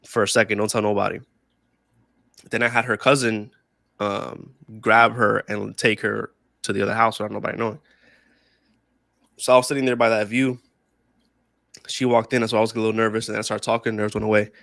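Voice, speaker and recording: A man's voice: on the low side, gravelly, fairly bright tone, dry recording, clean studio sound. A young man casually telling a story on a podcast, laughing often, swearing freely and repeating himself. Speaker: podcast co-host.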